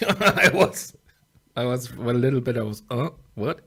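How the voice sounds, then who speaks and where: A man's voice: mid-range voice, expressive, unhurried, a bit bright. A man as co-host, teasing in short replies during casual chat.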